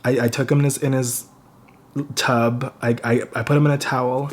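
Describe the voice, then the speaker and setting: A young man talking straight to camera for his personal vlog, grieving and close to tears, speaking haltingly with a stutter and repeated words. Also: medium pitch, level tone. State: fighting back tears. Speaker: vlogger.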